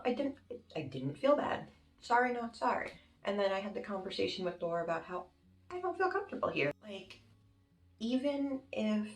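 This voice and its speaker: Young woman telling a wild story. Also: on the low side. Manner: animated, dramatic retelling with swearing. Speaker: YouTuber. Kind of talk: casual storytime. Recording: roomy with faint music.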